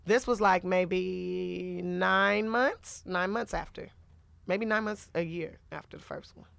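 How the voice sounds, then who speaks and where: A woman comedian telling a personal story in a candid interview, lively and profane, often acting out the voices of the people in it. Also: on the low side, slow, gravelly, clear, resonant tone, dry recording. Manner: animated, profane, acts out voices in her stories. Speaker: stand-up comedian guest.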